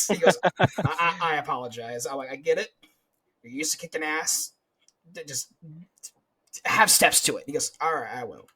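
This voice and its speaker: A man's voice: on the high side, normal speed, pauses often, bright, forceful tone, poor audio. A young man telling a crude, profane work story on a podcast while laughing through it. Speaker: podcast co-host, corrections officer. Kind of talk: casual storytelling chat.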